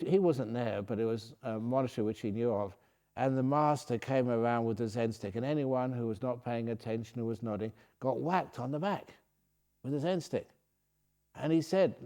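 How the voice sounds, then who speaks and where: An older man with a British accent, a Buddhist monk giving a chatty, storytelling meditation talk at a retreat, chuckling often and going soft when he speaks of silence. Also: medium pitch. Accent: British English. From Britain. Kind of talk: relaxed dharma talk with anecdotes. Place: retreat centre meditation hall.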